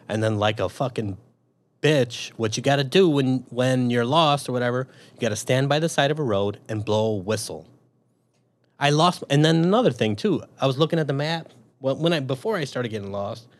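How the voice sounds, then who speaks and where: Profane man telling a story casually. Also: on the low side.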